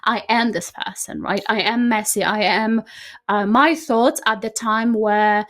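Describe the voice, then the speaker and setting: A woman guest who coaches people on decluttering, telling her story in an animated, chatty way and often checking in with "right?". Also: mid-range voice, unhurried. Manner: animated, frequently adds "right?". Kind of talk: conversational storytelling.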